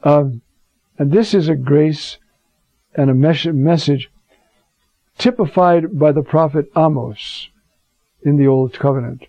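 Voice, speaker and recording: A man's voice: a little high, measured pace, creaky, long pauses, no echo. A male priest giving a sermon in a conversational way, reading scripture aloud with emphasis, on a dull, muffled recording.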